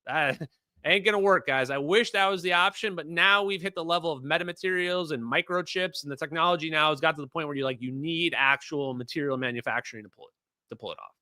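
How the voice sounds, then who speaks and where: Lively bright-voiced male livestream host. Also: fairly high pitch, quick pace, smooth, dry recording. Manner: animated, conversational, addresses viewers as guys. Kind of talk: casual livestream talk.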